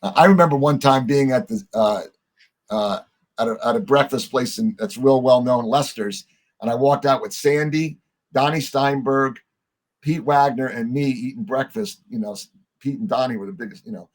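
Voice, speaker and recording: A man talks at a medium pitch. He tells long stories on a podcast, chatty and animated, and he jumps into quoted voices as he goes. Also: normal speed. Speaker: podcast guest. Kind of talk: conversational storytelling.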